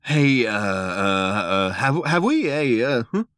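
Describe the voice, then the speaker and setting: A man's voice: medium pitch, very animated, slow, fairly bright tone, clean tone, no room sound, clean studio sound. A man reading aloud and voicing a brash, breezy two-headed alien man who gets flustered and evasive. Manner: casual and evasive, stammering when caught out.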